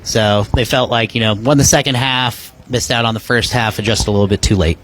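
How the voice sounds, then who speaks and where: Steady man reading league news. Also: mid-range voice, a little hiss or hum. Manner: measured, reads news and notes with many fillers. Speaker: podcast co-host. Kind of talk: casual announcement.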